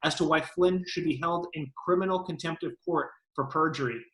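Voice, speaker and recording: Emphatic man, bright voice, echoey room. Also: on the high side, a little fast. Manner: emphatic, lawyerly explaining. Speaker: co-host of a political talk show. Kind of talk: opinionated political commentary.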